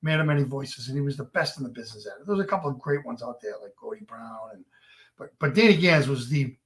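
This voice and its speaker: A man's voice: medium pitch, expressive, quick pace, a bit bright. A man, a podcast guest and impressionist, chatting casually and animatedly about his past shows and work.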